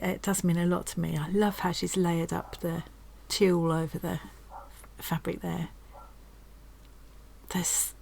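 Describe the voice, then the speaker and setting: A woman's voice: on the low side, creaky, low-quality recording. Gushing woman opening a craft parcel. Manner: gushing and excitable, with frequent restarts. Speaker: craft vlogger hosting a stitchery swap. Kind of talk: casual unboxing chat.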